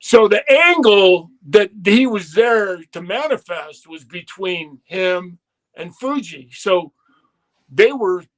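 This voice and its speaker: A man's voice: high voice, a bit bright. A man telling a long, profane story in casual podcast chat, quoting people as he goes.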